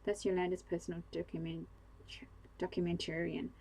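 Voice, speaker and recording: A woman reading a snobbish society lady's lines in a storybook, in her own low, husky voice. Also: completely flat delivery, moderate pace, dark tone, poor audio. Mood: proud.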